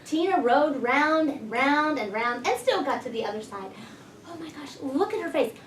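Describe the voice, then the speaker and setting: A woman teacher doing an expressive read-aloud, stopping often to ask her class questions. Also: high-pitched, normal speed, slight background noise. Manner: expressive storytelling, prompting children. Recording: echoey room, voice from far off.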